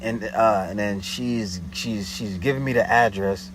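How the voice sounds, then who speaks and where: A man's voice: fairly low pitch, fairly even intonation, a little slow, background noise. A man telling a story in a casual, slangy way, often checking "you know what I'm saying".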